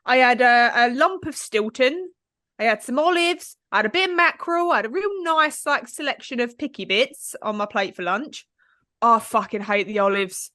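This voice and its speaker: A woman's voice: a little high, moderate pace, bright, forceful tone, no room sound, clean studio sound. A woman co-hosting a podcast, telling a story in casual chat and acting out what people said. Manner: chatty, self-mocking storyteller who acts out quotes. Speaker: podcast co-host. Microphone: studio microphone, on camera.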